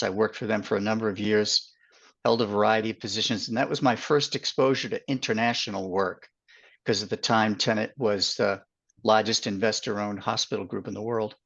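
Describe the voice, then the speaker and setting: An older man with a Boston accent, speaking as a guest consultant on a webinar over a video call, with many fillers and pauses. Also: fairly low pitch, a bit bright. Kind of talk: webinar interview. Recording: dull lo-fi audio.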